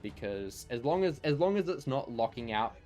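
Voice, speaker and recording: A male streamer's medium-pitched, slightly mellow voice swings widely in pitch as he talks at a moderate pace, soft music behind him. He rambles casually during the game stream, sprinkling in lots of "like" and "you know."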